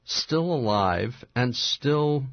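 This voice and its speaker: Male radio interviewer, mid-pitched, measured and probing, dry muffled studio sound. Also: lively intonation, no echo. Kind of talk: interview questions.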